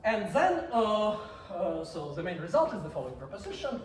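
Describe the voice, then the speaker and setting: High-voiced man lecturing in an echoey hall. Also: sing-song, a little fast. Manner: repeats key phrases for emphasis. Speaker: conference speaker. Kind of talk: mathematics lecture. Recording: echoey hall, mic far off, faint hum.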